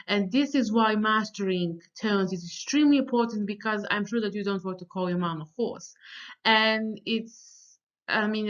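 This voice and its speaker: A woman teaching a recorded lecture, explaining step by step with frequent ums and restarts and drawing out sample syllables. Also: mid-range voice. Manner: sings out sample syllables with exaggerated tones. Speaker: language teacher. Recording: slightly dull, lo-fi audio.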